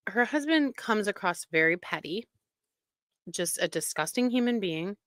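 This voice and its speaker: A woman's voice: mid-range voice, expressive, normal speed, fairly bright tone, no echo. A woman hosting a casual commentary show, talking in an indignant, emphatic way. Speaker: commentary host.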